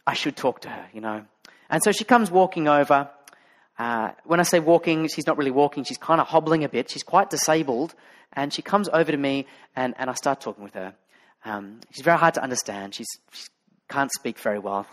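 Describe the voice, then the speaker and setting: Preaching in a fairly bright, mid-range voice at a moderate pace, this Sydney-born pastor has an Australian accent. His sermon is conversational storytelling, scattered with many fillers and restarts.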